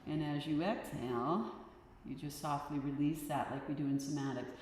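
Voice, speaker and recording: A woman yoga teacher leading a guided breathing class, giving calm, soothing instructions and counting the breaths. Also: deep voice, normal speed, slight background noise. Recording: echoey hall with long reverb. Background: soft instrument tones.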